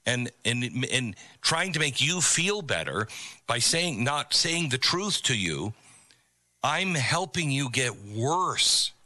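A man's voice: mid-range voice, big pitch swings, slow, bright, forceful tone, no room sound. A man hosting an opinionated commentary monologue, emphatic and preachy, repeating his points for effect. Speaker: commentary host.

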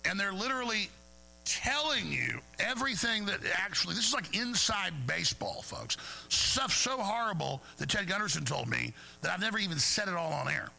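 Gravelly, bright-voiced man ranting on radio. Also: high-pitched, big pitch swings, normal speed, rough recording. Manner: rambling, repeats words, heated. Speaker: radio show host. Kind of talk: agitated talk radio monologue.

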